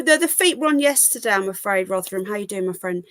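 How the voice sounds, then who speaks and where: A woman's voice: mid-range voice, lively intonation, a little fast, fairly bright tone, no room sound. A woman from England hosting a live call-in stream, chatting casually and greeting viewers as she gossips. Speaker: live call-in show host.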